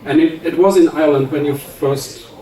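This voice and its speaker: Man asking quick interview questions, sounds far from mic, echoey. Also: on the high side, steady tone, mellow. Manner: brief, prompting questions. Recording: roomy sound from a distant mic.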